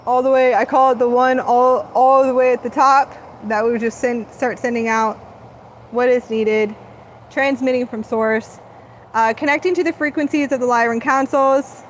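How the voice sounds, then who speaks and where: Female host, rather high voice, dreamy and gushing channeling talk, faint hiss behind. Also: fairly even intonation, normal speed, poor audio. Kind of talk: live spiritual channeling talk.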